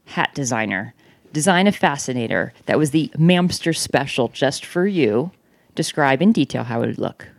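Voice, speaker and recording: Low-pitched woman co-host, playful, expressive reading voice, chatty. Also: normal speed, creaky, no echo. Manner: playful, laughs often, breaks off to joke. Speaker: podcast co-host. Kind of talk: casual chat and reading a novel aloud.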